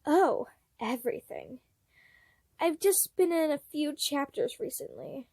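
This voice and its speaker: A woman's voice: high-pitched, wildly swooping pitch, takes it slowly, gravelly, a little mellow, no room sound, clean studio sound, voice pushed up, exaggerated voice. A woman voicing a smug, scheming young man with a sly, drawling manner.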